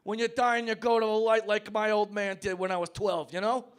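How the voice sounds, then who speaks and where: A man doing a stand-up comedy argument on a pub stage, brash and mock-tough, swinging between loud rants and mock-tearful asides. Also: sits high, little pitch movement, a little fast, clear, resonant tone. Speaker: comedy debater. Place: pub stage before a live audience.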